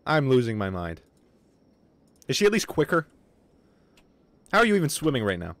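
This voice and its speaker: A young man commentating his game on a livestream, excitable and swearing, with quick outbursts of frustration. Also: medium pitch, dry recording. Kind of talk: casual gaming livestream commentary.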